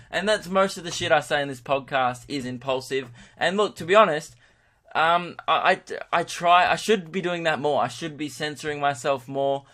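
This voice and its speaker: Rambling Australian comedian, casual and crude. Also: male voice, on the high side, fairly quick, fairly bright tone. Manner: rambling, impulsive, swearing, laughing at own jokes. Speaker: comedian podcast host. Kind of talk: casual solo podcast chat.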